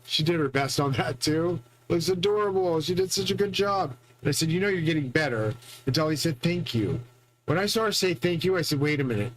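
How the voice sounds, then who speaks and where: Man, fairly high voice, boastful rambling monologue, swears, restarts often. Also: fairly bright tone, low-quality recording. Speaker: channel host.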